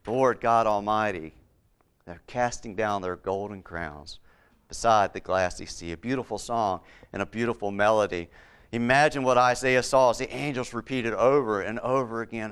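A man's voice: fairly low pitch, normal speed, a bit bright, clean tone. A man preaching a Bible-teaching sermon, repeating key words for emphasis and putting questions to his listeners.

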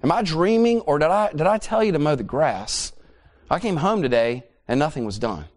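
A man's voice: on the high side, animated, moderate pace, natural voice. A man voicing a stern older father who scolds his son in a demanding way. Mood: stern scolding.

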